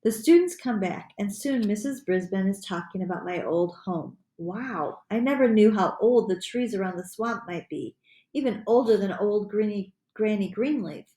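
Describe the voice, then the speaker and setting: A woman reading a children's chapter book aloud in an animated, playful storytelling voice. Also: mid-range voice, normal speed. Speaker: audiobook reader. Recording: echoey room.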